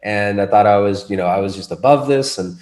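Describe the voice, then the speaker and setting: A man with a fairly low voice tells a personal story in casual conversation. He rambles, starts over often and keeps it animated as he goes. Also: a little fast. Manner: rambling, animated, with restarts and laughs.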